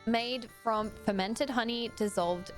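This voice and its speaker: A woman's voice: on the high side, unhurried, faint music behind. An Australian woman streaming a game, chatty and giggly, talking casually over it. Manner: chatty, giggly, slips into silly voices. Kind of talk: casual gameplay commentary.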